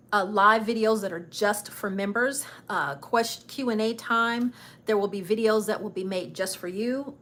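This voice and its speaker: A chatty woman hosting a casual travel livestream, her voice sitting a little high. She sounds a bit nervous and laughs at herself as she talks. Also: fairly bright tone. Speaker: travel vlogger and travel agent.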